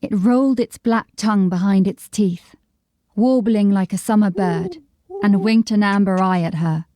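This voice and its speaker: A woman narrating a fantasy audiobook in a measured, descriptive storytelling manner. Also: medium pitch, mellow, dry recording. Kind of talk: scripted narration.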